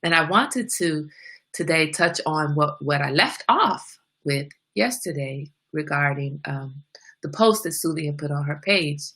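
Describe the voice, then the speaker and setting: A middle-aged woman hosting a casual live-stream talk, animated and laughing often. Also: low-pitched, measured pace, breathy edge.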